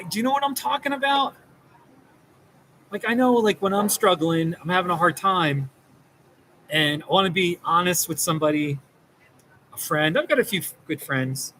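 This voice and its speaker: A man who works as a therapist, talking casually and gently to the camera, rambling and reassuring. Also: high-pitched, slight background noise, poor audio. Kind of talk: casual direct-to-camera talk.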